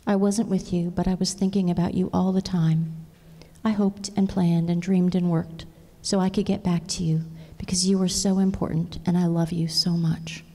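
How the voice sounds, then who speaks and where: A woman's voice: fairly low pitch, level tone, normal speed. A woman reading as a tender parent rabbit. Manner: soft and gentle, near a whisper. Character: big parent rabbit, tender, apologetic, steady. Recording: long reverb of a large hall.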